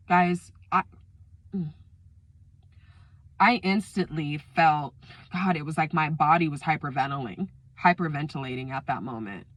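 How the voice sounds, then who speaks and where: A woman telling a personal story time to her viewers, emotional and animated, acting out the quoted lines. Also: deep voice, measured pace, long pauses, no echo. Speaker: storyteller vlogger.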